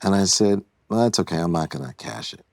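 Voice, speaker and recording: A man in his sixties, a podcast guest, telling an animated story and acting out the quotes. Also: deep voice, brisk, vocal fry, dry recording. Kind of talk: casual storytelling.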